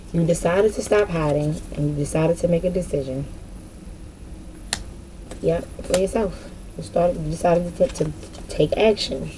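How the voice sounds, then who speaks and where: A woman's voice: on the low side, slight background noise, rough recording. A woman giving a casual tarot reading straight to her viewers, swearing freely and laughing often. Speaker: tarot reader.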